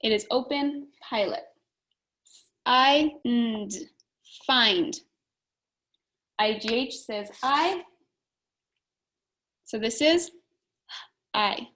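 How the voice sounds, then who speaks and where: A woman leads a phonics lesson for young children, sounding out every letter with care. She speaks at a slow, deliberate pace in a fairly high voice, and she speaks clearly to the class. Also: a bit bright, low-quality recording. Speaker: teacher.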